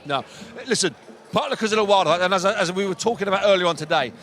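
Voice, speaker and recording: A man's voice: high-pitched, fast, fairly bright tone. A man presenting casual boxing talk on radio, telling anecdotes and quoting people. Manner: anecdotal, quotes people in put-on voices.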